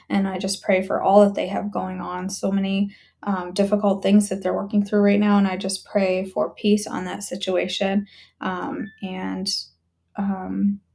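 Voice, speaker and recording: Gravelly-voiced woman praying aloud. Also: medium pitch. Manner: halting prayer with many ums and restarts, warm repeated thanks. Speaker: host of a live devotional stream. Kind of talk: spoken prayer, then casual sign-off. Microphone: phone or webcam on a live stream.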